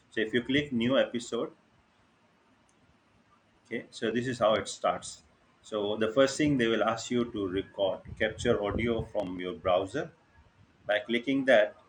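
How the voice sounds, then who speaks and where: Low-voiced man teaching on a call. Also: slight background noise. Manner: halting, many fillers, checks in with listeners. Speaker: online workshop instructor. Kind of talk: casual live teaching over screen share. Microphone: video call.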